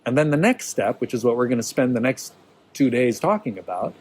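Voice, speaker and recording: A male teacher with a mid-range, lively voice leads an informal workshop for a small group, talking a little fast in a slightly mellow tone. He's casual and encouraging, checking in with listeners and repeatedly asking "right?" The recording is rough.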